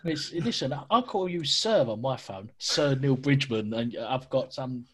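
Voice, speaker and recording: A British man on a casual video call, wry and self-mocking as he jokes with his friends. His voice has a husky edge to it. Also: mid-range voice, expressive, measured pace. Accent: British English.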